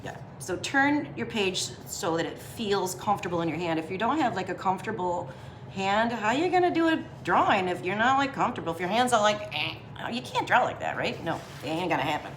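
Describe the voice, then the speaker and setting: A woman's voice: medium pitch, expressive, brisk, echoey room, a little hiss or hum. A woman giving a casual drawing lesson as she sketches. She talks in a chatty, slangy way and laughs often. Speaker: drawing teacher.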